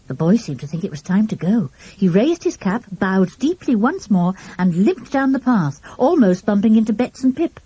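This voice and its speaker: Expressive, husky woman reading a storybook. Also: medium pitch, normal speed, poor audio. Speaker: audiobook narrator. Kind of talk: storybook narration.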